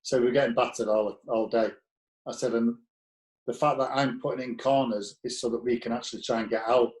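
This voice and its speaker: A mid-range male voice with fairly even intonation speaks briskly on a low-quality recording. A former footballer appearing as a guest, he tells casual anecdotes bluntly and profanely, acting out the quoted dialogue.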